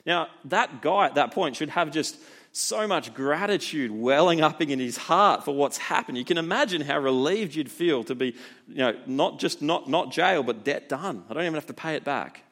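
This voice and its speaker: A man preaching a sermon in a relaxed, conversational way, often asking rhetorical questions. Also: fairly high pitch, moderate pace. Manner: animated, informal, asks rhetorical questions.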